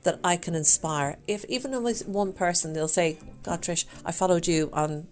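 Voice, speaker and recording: A woman's voice: fairly low pitch, normal speed, a little mellow, faint music behind. An Irish woman in her fifties chatting in an upbeat, rambling way as a participant in a health challenge. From Ireland. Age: 50s. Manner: chatty and upbeat, full of fillers. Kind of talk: casual chat.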